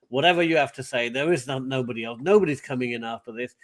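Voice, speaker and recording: A man's voice: medium pitch, fast talker, a bit bright. A man co-hosting a football fan show, arguing emphatically and repeating points for effect. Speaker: podcast co-host and football fan. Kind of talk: passionate fan debate.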